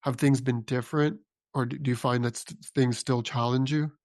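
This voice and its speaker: A man's voice: medium pitch, fairly even intonation, a little mellow, no echo. Affirming male podcast host, dry sound. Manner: affirming, halting questions with restarts. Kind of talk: interview conversation.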